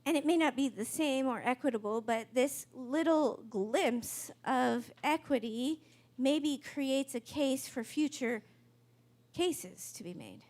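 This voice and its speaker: A woman's voice: high-pitched, lively intonation, slow, darkish tone. A woman giving a sermon in a conversational, wry storytelling way. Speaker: pastor.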